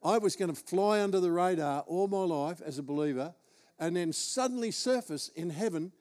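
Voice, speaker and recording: A man's voice: sits high, lively intonation, normal speed, a little mellow. A man with an Australian accent, preaching as he tells a humorous, self-deprecating personal story. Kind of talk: storytelling sermon.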